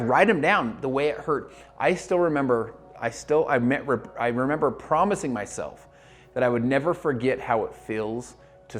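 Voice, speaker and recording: An energetic man coaches his viewers straight to camera, mid-pitched and fast-moving. He acts out the voices of the people in his stories. A faint bed of music plays under him. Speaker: network marketing coach. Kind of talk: motivational video talk.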